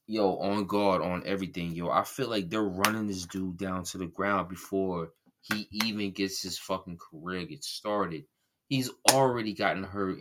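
Bright-voiced man ranting on a podcast. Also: sits low. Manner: heated, profane ranting. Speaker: podcast co-host. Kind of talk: casual sports chat.

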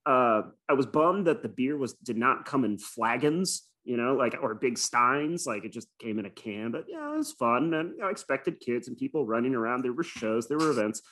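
A man's voice: mid-range voice, very animated, normal speed, few pauses, a bit bright. A man co-hosting a podcast, telling stories in a rambling, casual way full of fillers. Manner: rambling, filler-heavy storytelling. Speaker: podcast co-host. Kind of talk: casual chat.

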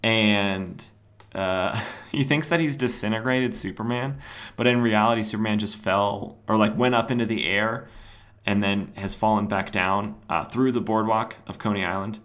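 A man's voice: on the low side, steady tone, normal speed, fairly bright tone. A man hosting a podcast, recapping a comic in a rambling, casual way with filler words. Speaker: podcast host.

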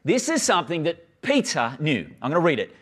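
A lively man preaches a sermon to a congregation, his pitch swinging widely as he acts out the voices in his stories. He sits a little higher than most men, and he laughs easily and talks in a casual, friendly way. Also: brisk, slightly rough. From Australia. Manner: animated storytelling, acts out dialogue, laughs easily. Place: church hall with live congregation and online stream.

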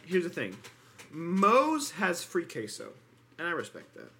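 A young man co-hosting a casual podcast chat, joking and teasing his friends, quick to laugh. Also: high-pitched, wildly swooping pitch, bright, forceful tone, a little hiss or hum. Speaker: podcast co-host.

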